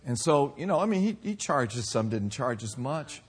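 A man in his sixties preaching a sermon, telling folksy personal stories with humor and lively emphasis. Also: mid-range voice, moderate pace, breathy edge. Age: 60s. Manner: folksy storytelling, animated with laughs. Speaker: pastor.

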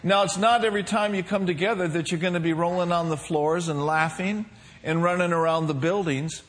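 A man's voice: high voice, steady tone, fairly quick. A man preaching a sermon to a congregation, mixing fillers and call-and-response asides. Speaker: pastor.

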